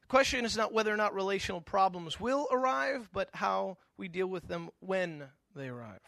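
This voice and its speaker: A middle-aged man preaching in a casual, storytelling way, his voice high and bright. He stumbles over repeated words as he goes, animated and engaged. The sound is close and dry. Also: normal speed, gravelly, no echo. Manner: animated storytelling, with frequent stammered restarts. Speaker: pastor. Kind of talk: conversational sermon.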